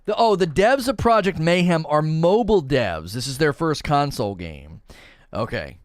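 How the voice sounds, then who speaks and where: A man's voice: on the high side, moderate pace, no echo, studio quality. A man in his thirties chatting casually on a live stream, answering chat with frequent laughter and playful asides. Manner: animated, laughs often, slips into playful character voices.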